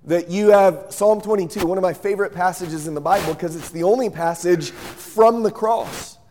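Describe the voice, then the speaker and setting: A male pastor delivers a sermon in a fairly high but mellow voice. He tells the story with animated energy, acts out its scenes and pauses to quiz his listeners. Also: slight background noise. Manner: lively storyteller, acts out scenes and quizzes the audience.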